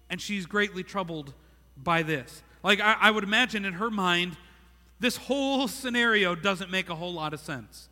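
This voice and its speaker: A pastor in his thirties, his voice sitting high with a sharp tone, preaches a sermon at normal speed in a hall with long reverb. He's earnest, repeats words, and acts out the thoughts of the figures he reads about.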